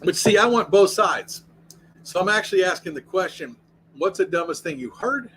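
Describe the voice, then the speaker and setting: A man's voice: high voice, animated, normal speed, fairly bright tone, a little hiss or hum, low-quality recording. An American man hosting a casual livestream from inside his RV, rambling and answering the chat as he goes. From United States. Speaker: livestream host.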